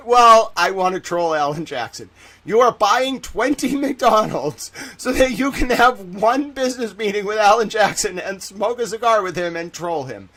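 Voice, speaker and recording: A man's voice: high voice, moderate pace, hardly any pauses, a bit bright. A man hosting a live stream, rambling in a profane, jokey, casual rant.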